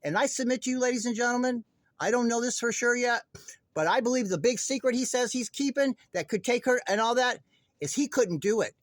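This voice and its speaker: A man's voice: very high voice, fairly quick, dry recording. A man delivering a heated true-crime monologue straight to his viewers, agitated, profane and rambling. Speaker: online commentator.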